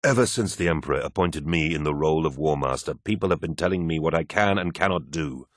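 A man's voice: extremely low pitch, fast talker, no room sound, clean studio sound. A man voicing a proud, imperious male warlord in an audiobook reading, with stern, lofty speech. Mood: angry.

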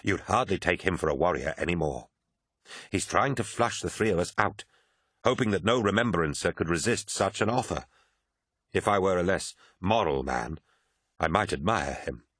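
A man's voice: sits low, expressive, fairly bright tone, no echo, studio quality. A man voicing a genial old orator. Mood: reasoning. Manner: measured, persuasive.

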